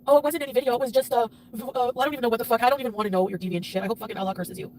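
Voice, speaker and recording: A woman ranting angrily on a livestream, swearing, her voice swinging between loud outbursts and quiet muttering. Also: on the high side, fairly even intonation, rapid-fire. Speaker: livestreamer being reacted to. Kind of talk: emotional livestream rant.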